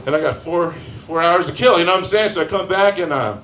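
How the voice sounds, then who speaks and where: Male stand-up comic, slightly high voice, crude rambling stories, echoey room, faint ambience. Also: fast, fairly bright tone, slight background noise. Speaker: stand-up comedian. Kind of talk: stand-up comedy set. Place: live comedy venue.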